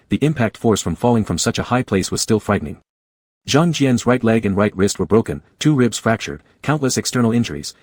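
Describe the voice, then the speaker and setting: Brief: male storybook narrator, even and measured, low and husky voice, dry close sound. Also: dry recording. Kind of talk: scripted audiobook narration.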